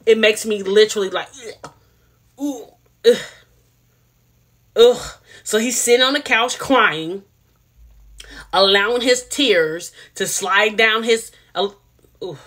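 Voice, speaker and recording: A woman's voice: medium pitch, measured pace, bright, forceful tone. A woman reviewing a TV show in a casual, blunt and opinionated way, talking straight to her viewers. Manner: chatty, addresses viewers directly.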